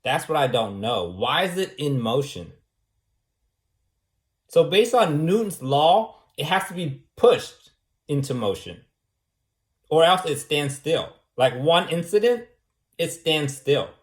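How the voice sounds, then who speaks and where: A man's voice: a little high, sing-song, takes it slowly, long pauses. A man in a casual monologue who argues his point over and over and keeps asking "right?". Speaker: vlogger. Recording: echoey room.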